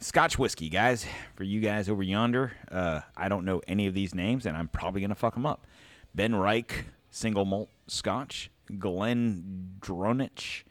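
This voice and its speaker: A man hosting a podcast, ranting casually and profanely, swinging between loud outbursts and low mutters. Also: moderate pace, no echo. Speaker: podcast host.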